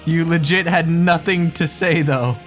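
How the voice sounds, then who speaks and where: A man co-hosting a podcast in casual chat, making teasing deadpan jabs. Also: fairly high pitch, unhurried, soft background music. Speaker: podcast co-host.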